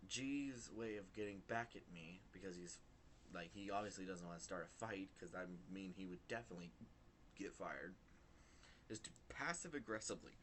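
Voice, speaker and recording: A young man vlogging, retelling a work story in a rambling, animated way with lots of fillers. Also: deep voice, normal speed, slight background noise. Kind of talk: casual storytelling to camera.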